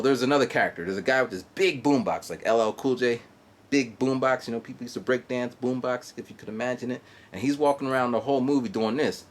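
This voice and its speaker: A man in his forties vlogging a rambling, halting story full of fillers, digressions and mouth sound effects. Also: mid-range voice. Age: 40s. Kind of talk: rambling monologue. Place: guest house in Japan.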